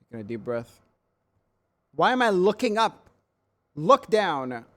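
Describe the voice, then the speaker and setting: A man's voice: high voice, very animated, takes it slowly, a bit bright. A young man streaming live, ranting in an irritated, sweary way and repeating his questions as he complains. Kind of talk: casual live-stream chat.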